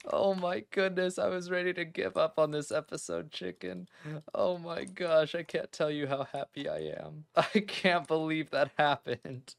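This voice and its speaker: Smooth-voiced man narrating his gameplay. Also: fairly high pitch, a little slow. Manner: chatty, exclaims and laughs readily, talks straight to viewers. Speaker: gaming video creator. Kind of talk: casual let's-play commentary.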